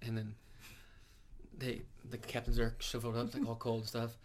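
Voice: mid-range voice, little pitch movement, moderate pace, a little hiss or hum. A podcast co-host in casual improvised comedy banter, telling crude, playful stories and often breaking into laughter.

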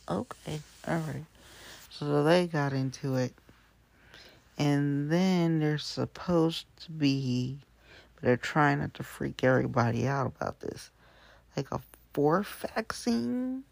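A show host chatting casually and at length about the news, rambling and often dropping into hushed asides. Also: medium pitch, slow, vocal fry, no room sound. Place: Hamilton County area.

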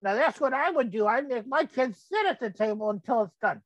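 A man's voice: extremely high pitch, animated, a little fast, a bit bright, no room sound, dull audio. An older man hosting his own show, rambling in a folksy way as he comments on photos. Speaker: podcast host.

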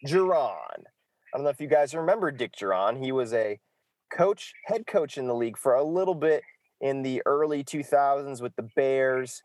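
A man's voice: mid-range voice, animated, normal speed, darkish tone, no echo. A man hosting a casual sports podcast, loose and jokey, often saying "exactly". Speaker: podcast host.

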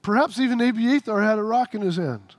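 Middle-aged male pastor delivering an animated sermon, very high register, dry recording. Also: fairly quick, no room sound. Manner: animated preaching, rising to shouts.

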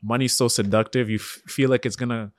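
A man's voice: medium pitch, steady tone, fairly quick, dry recording, clean studio sound. A man from Kenya, co-hosting a podcast in casual chat, emphatic and laughing often. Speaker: podcast co-host.

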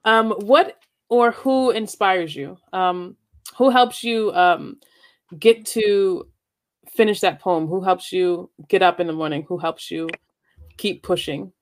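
A woman's voice: on the low side, takes it slowly. A woman interviewing a poet, asking questions casually with hesitant fillers.

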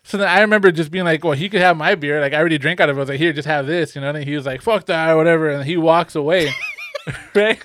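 A man's voice: a little high, rapid-fire, a bit bright, a little hiss or hum. A young man telling a rambling, profane story in casual podcast chat, laughing often. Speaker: podcast co-host.

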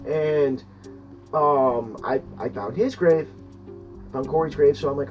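A person telling a personal story in a casual, animated way, swearing often and rambling with restarts. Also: mid-range voice, slow, pauses often, highs cut off. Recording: far from mic, faint guitar music.

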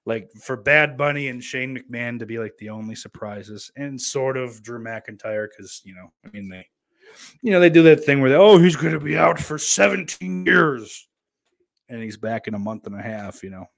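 Casual livestream chatter from a man at home: he reads his viewers' comments aloud, swears freely and drifts along in a rambling way. His medium-pitched voice moves at normal speed, with no room sound.

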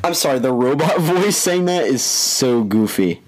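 A man's voice: medium pitch, expressive, a little slow, rough recording. A young man hosting a podcast, reviewing a cartoon episode with joking, rambling commentary over faint music. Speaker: podcast host.

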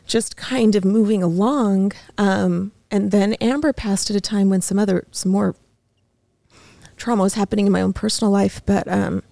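A woman in her thirties, a podcast guest in a studio, telling a painful personal story haltingly, with many fillers and restarts. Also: mid-range voice, steady tone, vocal fry, dark tone, dry recording.

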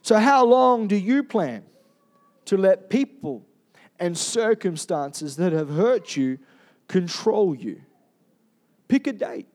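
Male preacher, high voice, emphatic and confessional, piles up rhetorical questions. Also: lively intonation, slow, long pauses, darkish tone. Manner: confessional storytelling. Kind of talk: sermon.

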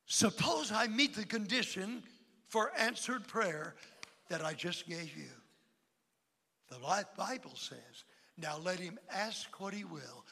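High, bright-voiced preacher in a big hall. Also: male voice, creaky, slightly rough. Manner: preaching with dramatic swings between loud emphasis and quiet asides. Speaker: pastor. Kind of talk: sermon. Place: large church auditorium. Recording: long hall reverb.

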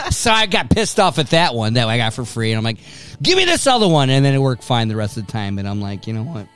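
Middle-aged guy hosting a home podcast, super lively voice, lots of laughs and cussing. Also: medium pitch, a little fast, soft background music. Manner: laughs often, swears casually. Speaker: podcast host. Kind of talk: casual chat.

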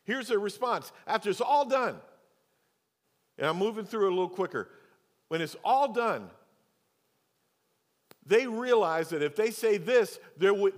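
A man preaches from the pulpit, his fairly high voice rising into emphatic declarations and dropping into low, confiding asides. His words ring out with a long reverb that fills the church sanctuary. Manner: swings between loud emphatic preaching and quiet, low asides. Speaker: pastor. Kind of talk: sermon.

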